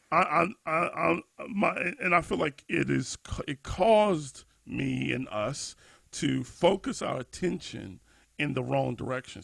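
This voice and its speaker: Gravelly-voiced man thinking aloud. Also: fairly high pitch, sharp tone, no room sound. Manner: thinking aloud, many restarts and fillers. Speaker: podcast co-host. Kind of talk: casual discussion podcast.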